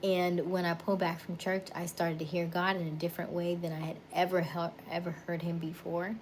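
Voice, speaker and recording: A woman's voice: lowish voice, little pitch movement, brisk, slight background noise. Chatty woman with a Florida accent. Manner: chatty, laughs often, greets viewers by name. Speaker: livestream host. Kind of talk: casual livestream chat reading viewer comments.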